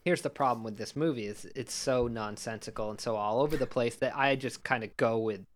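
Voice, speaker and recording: A man's voice: medium pitch, a little fast. A man co-hosting a casual film review podcast, speaking in a wry, offhand way. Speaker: podcast co-host.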